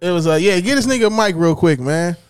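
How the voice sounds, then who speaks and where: A man's voice: high voice, animated, fast, faint music behind. A man chatting casually with friends, telling stories animatedly with heavy slang and profanity. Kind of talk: casual chat among friends.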